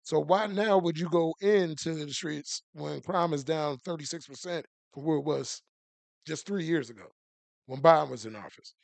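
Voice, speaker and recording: Man, gravelly, fairly high pitch, calm commentary, dry close sound. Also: no room sound. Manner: measured, low-key news commentary. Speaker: podcast co-host. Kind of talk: casual chat and news segment.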